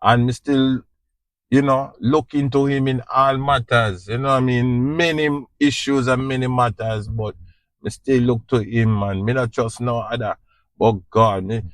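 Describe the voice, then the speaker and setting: A man with a Jamaican accent hosts a podcast, speaking at medium pitch in a steady tone and a little slowly, with no room sound. His spiritual talk is informal yet preachy and repetitive, punctuated by frequent questions about whether you understand.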